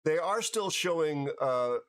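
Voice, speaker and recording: A man's voice: fairly high pitch, expressive, a little slow. A tired man hosting a livestream, chatting casually with viewers and often stumbling over and repeating his words. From United States. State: tired from no sleep. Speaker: livestream host.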